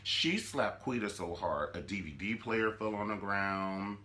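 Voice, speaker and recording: A man hosting a comedic review vlog, with a flamboyant, sassy, animated and dramatic delivery. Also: on the low side, unhurried. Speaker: show reviewer and host.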